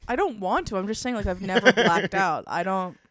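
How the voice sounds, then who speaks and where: A woman co-hosting a podcast, telling a story in a casual chat, lively and laughing as she acts out quotes. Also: mid-range voice, a little fast, no room sound, clean studio sound. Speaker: podcast co-host.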